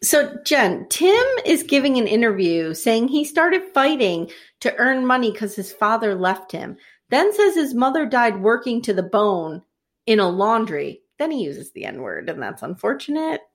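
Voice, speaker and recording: A woman co-hosting a podcast, casually recapping a TV episode with jokey, animated storytelling. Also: fairly high pitch, a little slow. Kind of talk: casual chat.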